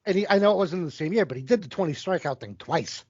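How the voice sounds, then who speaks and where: A fast-talking, expressive man in his forties, his voice on the high side, co-hosts a casual sports podcast. He swears freely and rattles off statistics, all on a dull, lo-fi, dry recording.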